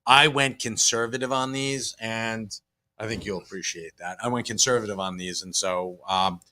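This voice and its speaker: A man co-hosting a live stream chat, joking and crude, blurting out quick reactions. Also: lowish voice, fairly even intonation, bright, forceful tone. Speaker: co-host.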